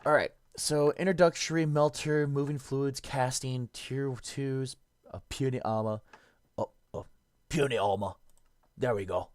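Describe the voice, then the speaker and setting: A man's voice: medium pitch, a little slow, no room sound, studio quality. A man streaming a game, casually thinking aloud and correcting himself as he reads and works things out. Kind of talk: casual gameplay commentary.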